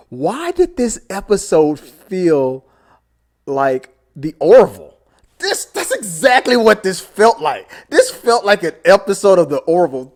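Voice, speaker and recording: Male host, animated casual recap, lively pitch, acts out scenes. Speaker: show host, TV reviewer.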